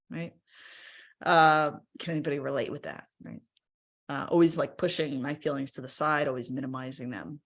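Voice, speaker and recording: Her voice is low and a bit bright, with lively intonation at a normal pace, as a woman candidly tells a personal story to a live webinar from her home workspace via video call. She keeps the talk conversational and frequently asks the audience "right?"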